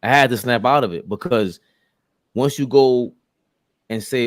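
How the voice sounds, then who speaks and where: Thoughtful man in mid pitch, dry sound. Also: unhurried, long pauses, dry recording. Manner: reflective, agreeable, hesitant with fillers. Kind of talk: casual podcast chat.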